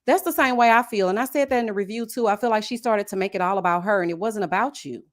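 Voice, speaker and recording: A woman's voice: medium pitch, quick pace. A woman hosting a casual reality show recap livestream, chatty and sassy, reading viewer comments aloud. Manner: acts out the cast's lines in exaggerated whiny voices.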